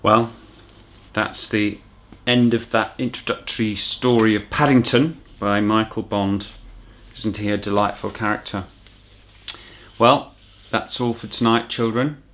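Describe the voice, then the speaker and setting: A man, a primary school teacher, reading a children's storybook aloud with animated storytelling. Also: lowish voice, measured pace, pauses often.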